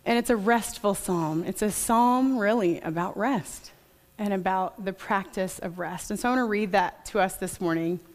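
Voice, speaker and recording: A woman preaching a sermon to a congregation in a conversational way, reading scripture quietly and reflectively. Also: medium pitch, normal speed.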